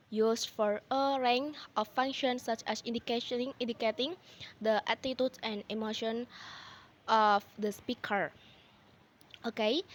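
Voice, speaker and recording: This is a young Indonesian woman presenting in a classroom style. Her voice sits a little high, and she reads with a careful, measured delivery. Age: young adult. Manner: careful, read-aloud delivery with frequent "okay". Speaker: student presenter.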